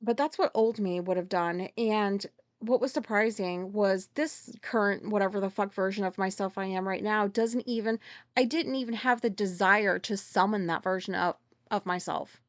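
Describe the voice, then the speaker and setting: A woman hosting a podcast and telling a story at home in a rambling, profane way. She corrects herself often and gets loud and agitated as she retells a conflict. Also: mid-range voice, dry recording. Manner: rambling, heavy swearing, quick self-corrections. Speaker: podcast host. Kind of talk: casual storytelling monologue.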